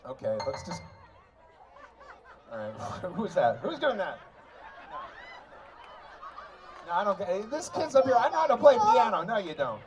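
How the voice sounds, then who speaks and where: A man's voice: high-pitched, huge pitch swings, measured pace, long pauses, heavy background noise. A man fronting a band at a large live concert, singing and bantering playfully with the crowd through a stage mic. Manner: playful, joking crowd work.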